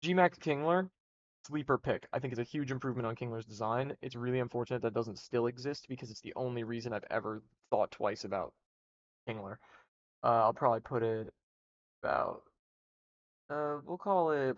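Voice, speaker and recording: Dull lo-fi stream audio carries a young man's creaky, mid-range voice. In casual livestream commentary, he rambles his way through rankings, with restarts and swearing along the way.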